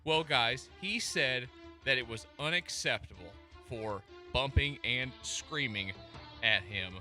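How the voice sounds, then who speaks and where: A man's voice: medium pitch, takes it slowly, soft background music. A man co-hosting a sports radio show, chatting and teasing in a casual, joking way. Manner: joking, teasing, bright delivery. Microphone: studio microphone.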